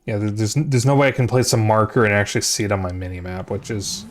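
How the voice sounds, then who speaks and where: A man's voice: on the low side, quick pace, a little hiss or hum. A sleepy man streaming a video game, rambling and muttering to himself with frequent restarts. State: sleepy, yawning. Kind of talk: casual gaming commentary.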